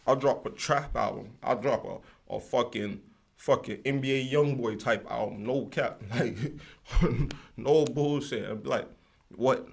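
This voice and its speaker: Gravelly young man ranting casually. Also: mid-range voice, unhurried. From United States. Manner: loose, slangy, rambling, digresses often. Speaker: podcast host.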